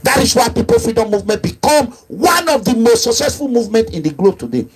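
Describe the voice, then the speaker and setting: A middle-aged man with a Nigerian accent, delivering an impassioned monologue as an activist leader, emphatic and repetitive, with low asides and raised outbursts. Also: big pitch swings, quick pace, breathy edge.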